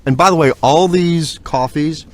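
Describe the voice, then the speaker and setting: A man's voice: fairly high pitch, normal speed. A man in a casual vlog, rambling easily and agreeing a lot as he reviews coffee. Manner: easygoing, rambling, lots of fillers and agreeing. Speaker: vlogger. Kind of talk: casual product review chat.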